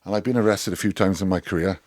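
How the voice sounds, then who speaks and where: Guy, deep low voice, spinning a rowdy sweary yarn on a podcast. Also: fast talker. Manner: animated, sweary storyteller. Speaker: podcast guest. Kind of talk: storytelling anecdote.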